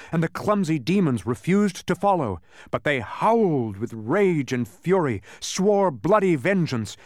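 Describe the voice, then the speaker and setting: A man reads a storybook aloud with a high, animated voice that rises and falls through every sentence. The sound is close and dry, with no room around it. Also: dry recording. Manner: lively, expressive storytelling. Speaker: narrator. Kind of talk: storybook reading.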